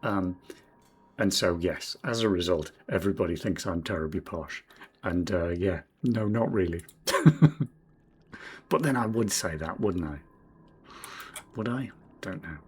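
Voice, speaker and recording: A man in his forties from Northeast England with a southern English accent, streaming a game in casual commentary, rambling and self-deprecating, muttering quiet asides to himself. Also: low-pitched, unhurried, long pauses. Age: 40s. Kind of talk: casual game commentary while reading chat.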